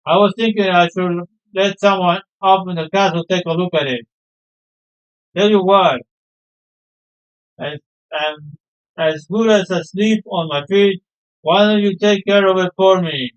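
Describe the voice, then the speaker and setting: A man's voice: high voice, a little slow, pauses often, smooth, muffled recording. A man reading aloud the lines of a proud, sentimental fisherman father in a game, in a homely, storytelling way. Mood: cheerful.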